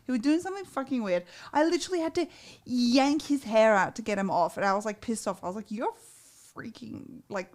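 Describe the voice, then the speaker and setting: A woman's voice: fairly high pitch, expressive, fast, a little mellow. Blunt, profane woman telling a story. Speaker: co-host of a dating advice show. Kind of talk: casual chat.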